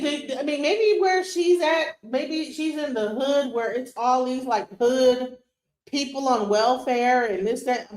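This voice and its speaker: A middle-aged woman hosting a livestream, ranting in a heated, profane way and firing off rhetorical questions. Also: high-pitched. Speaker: streamer host. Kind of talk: livestream commentary reacting to a clip. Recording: roomy echo.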